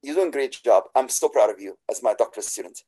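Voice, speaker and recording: A man speaks over a video call with a mellow, slightly husky voice. He teaches in a webinar and piles on praise. His English is slightly broken. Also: mid-range voice, animated, quick pace, low-quality recording. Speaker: practitioner and instructor. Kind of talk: webinar talk.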